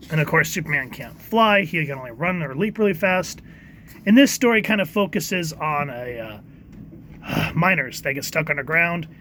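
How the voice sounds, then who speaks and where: A man giving a casual comic book review, halting often with fillers and reading quoted lines in quick put-on voices. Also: a little high, fairly bright tone, a little hiss or hum.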